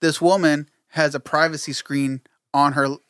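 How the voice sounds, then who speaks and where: Kinda high-voiced guy rattling off stories fast, dry sound. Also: clean tone, no room sound. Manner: rapid, animated storytelling. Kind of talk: casual chat.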